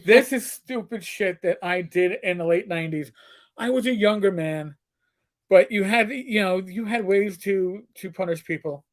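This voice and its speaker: Speaking at normal speed in a high voice, this middle-aged co-host spins crude, joking stories during casual conversation, occasionally adopting put-on voices.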